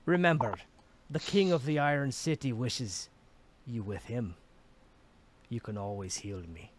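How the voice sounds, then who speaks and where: A man's voice: medium pitch, a little slow, a little hiss or hum, natural voice. A man doing a solemn old dwarf warrior. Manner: solemn and earnest. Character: old dwarf warrior bidding farewell, proud and kind.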